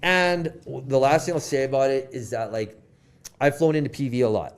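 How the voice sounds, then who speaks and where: A young Canadian podcast guest talks fairly quickly in a medium-pitched voice. He tells his story in an easygoing, animated way, leaning on fillers and voicing the dialogue himself.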